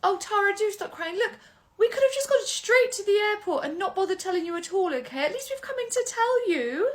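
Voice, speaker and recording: A woman's voice: animated, a little fast. A woman putting on a snooty sing-song mother. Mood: dismissive. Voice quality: high, sing-song and patronising. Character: snooty, self-absorbed mother, woman, middle-aged.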